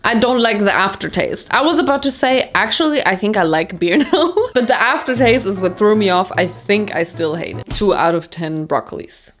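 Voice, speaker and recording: A woman's voice: lively intonation, faint music behind. A young woman from Germany doing a casual, playful taste-test vlog with dramatic reactions. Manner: dramatic, playful, quick jumps in pitch. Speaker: vlogger.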